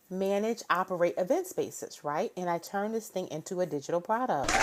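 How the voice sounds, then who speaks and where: A woman in her thirties coaches her viewers on a casual live stream, talking into a phone mic at home. Her voice sits a little low, but she stays lively, greets people by name and checks in with "right?" again and again.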